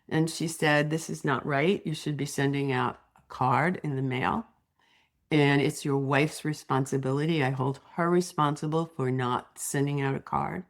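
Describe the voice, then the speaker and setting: Low-voiced older woman telling stories. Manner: warm storytelling with personal anecdotes. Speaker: EFT tapping teacher. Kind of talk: presenting a slideshow talk.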